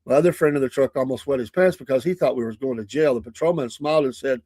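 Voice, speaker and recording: A man's voice: mid-range voice, quick pace, mellow, no echo. A man hosting a casual morning talk show, rambling through stories and chuckling often into a close mic in a small studio.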